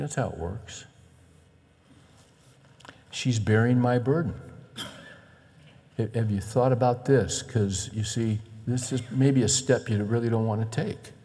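Man preaching in a reverberant hall. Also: medium pitch. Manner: animated preaching, acts out quoted voices. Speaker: pastor. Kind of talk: sermon. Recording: long reverb of a large hall.

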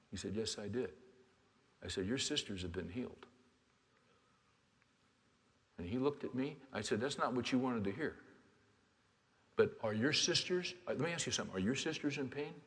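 A male pastor preaching a sermon in a large hall where his voice rings with a long reverb. He sinks into soft, hushed asides, then climbs into loud, fervent exhortation. His pitch sits in an ordinary middle range for a man.

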